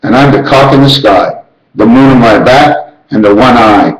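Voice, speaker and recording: Speaking at a moderate pace, a man rambles through a monologue, counting and chanting numbers and letters in rhythm. His ideas jump around and his pitch spikes suddenly. The sound is roomy and rough.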